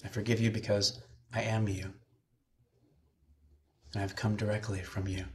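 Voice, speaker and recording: A man with a low, gravelly voice leads a guided meditation. He speaks slowly and soothingly, pausing for breathing cues. His tone stays calm throughout. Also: a little hiss or hum. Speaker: minister.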